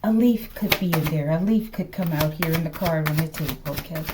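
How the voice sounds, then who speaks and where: Her voice sits low, and there's noise behind her as she lays out tarot cards for her viewers. She has a slight lisp and a slow, casual, speculative way of reading, slipping into whispers now and then while saying "collective" and "okay?" to her audience.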